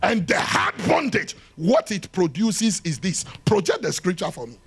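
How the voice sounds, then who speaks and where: A male pastor preaching a sermon in a church, swinging from loud shouted lines to hushed ones and acting out little dialogues. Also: high-pitched, big pitch swings, normal speed, gravelly, husky. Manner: acts out dialogue between lovers.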